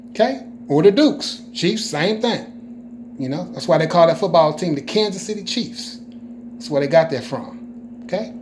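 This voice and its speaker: A man's voice: on the high side, slight background noise. A man giving an informal scripture teaching in an emphatic way, often checking in with the listener. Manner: emphatic, keeps checking in with "okay?". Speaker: religious teacher.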